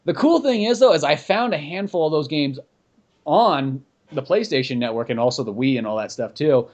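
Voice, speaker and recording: A man hosting a podcast, chatting casually in a rambling, animated way full of "like". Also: fairly high pitch. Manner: rambling, animated, heavy use of "like". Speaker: podcast host. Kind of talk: casual chat.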